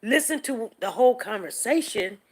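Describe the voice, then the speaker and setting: A woman's voice: a little high, animated, moderate pace. A woman hosting a show, talking casually with a caller and repeating her points with emphasis. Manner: emphatic, repeats herself, quotes others. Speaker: show host. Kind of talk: casual talk with a phone caller.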